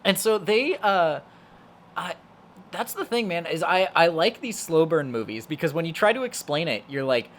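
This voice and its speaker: A man's voice: a little high, expressive, moderate pace, a bit bright. A young man co-hosting a podcast, chatting casually about a horror movie in a rambling, filler-heavy way with plenty of swearing. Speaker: podcast co-host. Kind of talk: casual movie review chat.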